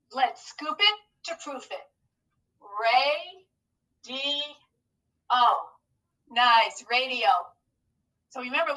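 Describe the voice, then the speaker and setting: A woman with a high, bright voice leads young children through a phonics lesson. She takes her time, spells each letter out slowly and praises their answers. Her voice sounds a little distant from the mic. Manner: slow, clearly enunciated, encouraging teacher talk. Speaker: teacher.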